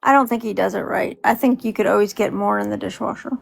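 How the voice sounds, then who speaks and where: A woman's voice: medium pitch, steady tone, fast talker, creaky, poor audio. A woman co-hosting a live stream, chatting casually and frankly teasing about her partner's chores. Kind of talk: casual chat.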